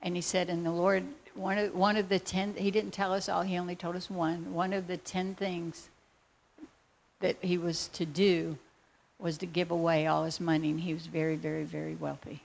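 A woman telling a faith testimony as a lively, excitable story. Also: fairly low pitch, normal speed, gravelly, a little hiss or hum. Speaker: speaker sharing a faith testimony.

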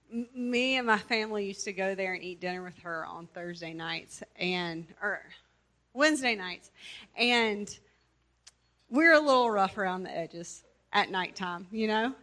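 Heartfelt woman with a bright voice. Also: medium pitch. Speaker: community member giving a tribute. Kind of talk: memorial tribute speech.

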